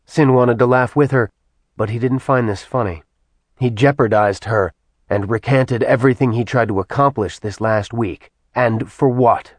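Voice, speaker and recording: A man narrating an audiobook in a soft, even storytelling manner. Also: medium pitch, normal speed, no room sound. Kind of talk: scripted narration.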